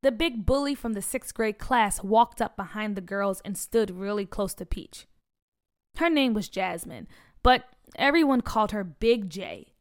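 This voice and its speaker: A woman reads a children's story aloud with lively, animated expression. Her voice sits in the mid range, and her pace is a little slow.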